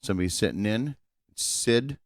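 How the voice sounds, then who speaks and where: A man's voice: fairly low pitch, expressive, normal speed, no echo, studio quality. A young man co-hosting a podcast in casual chat, laid-back and swearing freely as he laughs along. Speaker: podcast co-host.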